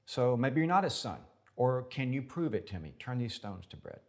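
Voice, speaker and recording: A man's voice: mid-range voice, sing-song, moderate pace, darkish tone, voice pushed up. A man voicing the devil as a sly male tempter, needling his listener with mocking questions. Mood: taunting.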